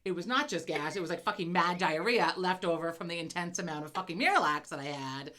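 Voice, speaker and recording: A woman's voice: lowish voice, fast, bright, forceful tone. A woman co-hosting a casual podcast chat, telling a profane story with lots of laughter. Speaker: podcast co-host.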